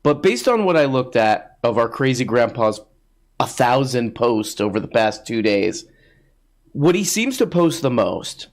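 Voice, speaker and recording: A man hosting a show, riffing in sarcastic, casual comedic commentary. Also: mid-range voice. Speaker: podcast host.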